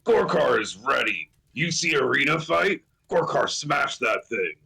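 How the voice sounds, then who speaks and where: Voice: medium pitch, very animated, unhurried, creaky, sharp tone, slightly rough, pitched above the performer's own voice, heavily acted. A man voicing a brutish male warrior who talks about himself in broken third person. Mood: boastful.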